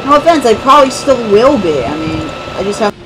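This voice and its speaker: A man's voice: very high voice, very animated, brisk, noisy background. A man giving casual, rambling let's play commentary, joking about himself and the game as he plays. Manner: rambling, self-mocking, chuckling.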